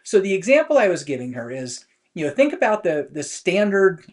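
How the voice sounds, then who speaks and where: A man with a fairly high voice hosts a weekly business talk. He speaks conversationally and rambles a little, leaning on fillers as he tells stories from work. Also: sing-song, brisk. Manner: conversational storytelling with many fillers. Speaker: host.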